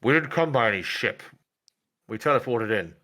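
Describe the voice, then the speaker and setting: A man's voice: medium pitch, lively intonation, normal speed, bright, forceful tone. A man voicing a blunt, dutiful male imperial trooper in a tabletop game, speaking curtly and matter-of-factly. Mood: flat, dutiful.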